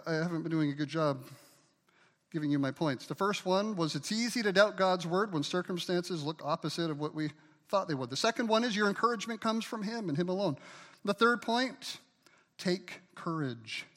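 Brief: man, pastor, high voice, emphatic sermon style, hall reverb. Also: a little fast, fairly bright tone. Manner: emphatic preacher, calls for congregation to repeat words.

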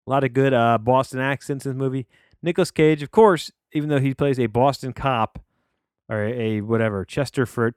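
A man's voice: lowish voice, darkish tone, smooth, no echo, clean studio sound. A man hosting a podcast, rambling through a casual film review with many restarts and fillers. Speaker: podcast host reviewing films.

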